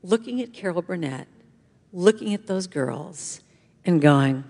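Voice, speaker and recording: A middle-aged woman giving an inspirational talk to a congregation, telling a story in an animated way and acting out the voices. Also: fairly low pitch, measured pace. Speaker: guest speaker. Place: large church hall. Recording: long hall reverb.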